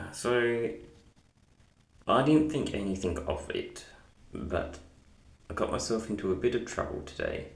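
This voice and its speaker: A man's voice: sits low, creaky, echoey room. A young man telling a story in a casual vlog, rambling and swearing freely.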